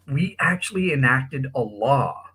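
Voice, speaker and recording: A man's voice: medium pitch, animated, takes it slowly, a bit bright, slightly rough, low-quality recording. A man from Canada with a Canadian accent, chatting casually and easily on a panel, joking about himself. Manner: easygoing, chatty, self-deprecating. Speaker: panel guest. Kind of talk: casual chat.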